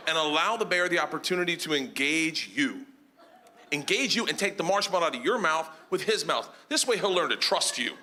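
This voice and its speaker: A man doing stand-up, telling a wild story in a loud, animated way, jumping into shouts on the punchlines, recorded live on a club stage. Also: fairly high pitch, fairly quick. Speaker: stand-up comedian. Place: comedy club stage before a laughing audience. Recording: live club recording with audible audience noise.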